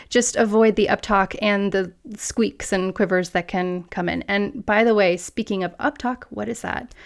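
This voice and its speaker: Woman podcast host, coaching tone, playful asides, speaks straight to listeners, mid-range voice. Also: medium pitch. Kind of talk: scripted solo podcast talk.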